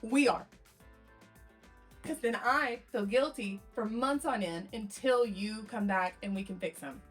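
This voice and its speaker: Woman, young adult, chatty rambling storyteller, mid-pitch, soft music underneath. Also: moderate pace. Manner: rambling, chatty, acts out quotes in lively voices. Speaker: hairstylist storyteller. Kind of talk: casual storytime vlog.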